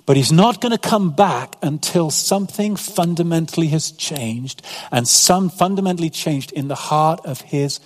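A man's voice: mid-range voice, long reverb tail. A man preaching an earnest sermon as pastor, reading scripture aloud between his own points.

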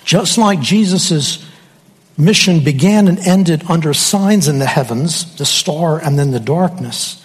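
A man preaching a sermon slowly and emphatically, with dramatic pauses. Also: a little high, slightly rough, big-room sound.

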